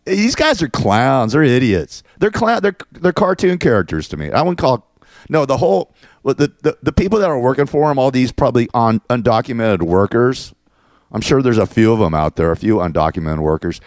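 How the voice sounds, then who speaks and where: A man's voice: mid-range voice, sing-song, brisk, no echo, clean studio sound. A man hosting his own show, ranting in a crude, sarcastic and mocking way. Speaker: show host. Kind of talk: ranting monologue.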